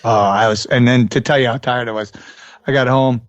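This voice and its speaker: A man co-hosting a podcast, telling a travel story in casual chat with lots of swearing and animated retelling. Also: mid-range voice, fairly quick, no echo, highs cut off. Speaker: podcast co-host.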